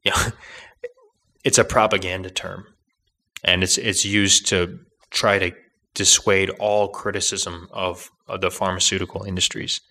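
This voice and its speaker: Young guy ranting on his podcast, deep but bright and forceful, keeps restarting. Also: little pitch movement, unhurried. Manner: rambling, combative, with restarts and asides. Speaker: political podcast host. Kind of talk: opinionated monologue.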